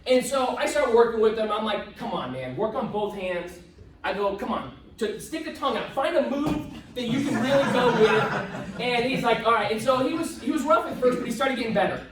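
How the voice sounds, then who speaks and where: A man speaking at a live seminar, telling an animated story and acting out both sides of the dialogue. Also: very high voice, a little fast, few pauses, noisy background. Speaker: motivational speaker. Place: event hall with live audience. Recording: echoey hall, voice from far off.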